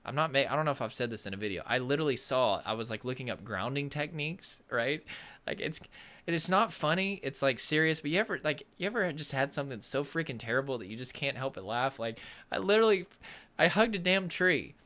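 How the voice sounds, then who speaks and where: A man from the American South talks straight to camera in a loose, rambling way. His pitch swings widely and his tone is bright and forward. He gropes for words and breaks the tension with jokes at his own expense. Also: animated, quick pace. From Southern United States. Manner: rambling, searches for words, self-deprecating humor. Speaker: nervous system coach. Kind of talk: casual monologue to camera.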